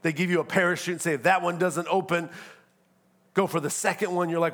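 High-voiced man preaching a lively sermon. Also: quick pace. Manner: preaching with humor and acted-out asides. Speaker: pastor.

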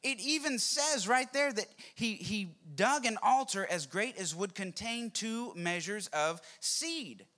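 Male pastor, high bright voice, lively sermon delivery with acted-out quotes. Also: slow, few pauses. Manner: animated storytelling preacher, acts out quotes.

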